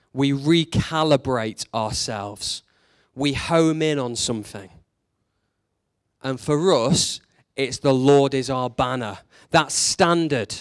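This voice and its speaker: A man's voice: mid-range voice, clear, resonant tone, dry recording, clean studio sound. A man preaching a sermon in a conversational, candid way, leaning into emphatic rhetorical questions.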